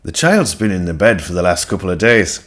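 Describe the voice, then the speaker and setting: A man voicing a gentle, kindly middle-aged farmer. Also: deep voice, sing-song, brisk, full character voice. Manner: gentle, warmhearted.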